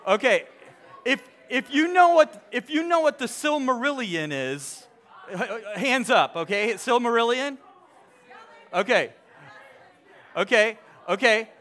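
A young man speaking to a live audience, polling them with quick questions, full of halting restarts, then reading a book passage aloud. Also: extremely high pitch, sing-song, sharp tone, some chatter behind. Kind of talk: lively talk to a crowd, reading aloud.

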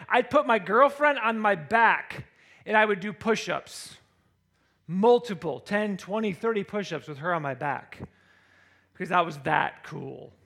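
A man in his thirties speaking to a live audience, telling a humorous personal story in an animated way and acting out his own thoughts and what others said. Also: sits high.

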